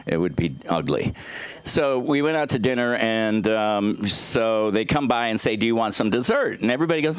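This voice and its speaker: A middle-aged man doing an open mic stand-up set on a small club stage, telling stories in a halting, rambling way full of fillers and restarts. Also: fairly low pitch, expressive, smooth, dry recording.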